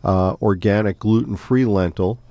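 Low-voiced man pitching his soup business. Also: normal speed, creaky, dark tone, no echo. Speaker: soup company executive.

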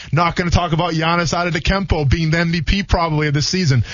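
A man from Wisconsin, co-hosting a radio show, telling animated stories in casual banter. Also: a little high, fast, dry recording, dull audio. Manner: animated storyteller, acts out quoted lines.

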